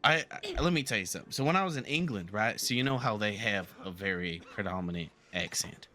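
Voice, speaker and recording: A man playing a talkative southern gentleman from the bayou, with a Southern twang, rambling earnestly through a live game roleplay. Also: lowish voice, expressive, a little fast, faint music behind. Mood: reminiscing.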